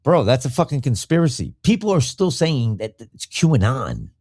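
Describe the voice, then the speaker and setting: A man's voice: medium pitch, big pitch swings, normal speed, a little mellow, no echo, studio quality. A man hosting a live podcast, ranting heatedly and profanely in casual talk, reading viewer comments between tirades. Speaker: podcast host. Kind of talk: casual live-stream rant.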